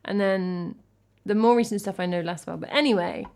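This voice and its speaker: A woman's voice: medium pitch, a little fast, darkish tone. Chatty English woman, self-deprecating. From England. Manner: chatty, self-deprecating, reading out chat and thanking viewers. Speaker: music streamer. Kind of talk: casual chat between songs.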